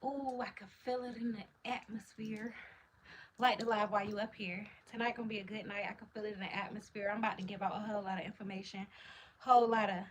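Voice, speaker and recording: A woman's voice: mid-range voice, steady tone, quick pace, slight background noise. A woman hosting a livestream, chatting in a hyped, slangy, casual way while answering comments. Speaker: livestream host.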